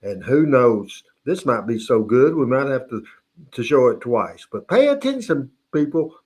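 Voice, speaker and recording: A man hosting a talk show, telling a long funny anecdote in a casual, animated way. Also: mid-range voice, measured pace, slightly rough. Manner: animated anecdote teller, mimics voices. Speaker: host. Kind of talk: casual storytelling.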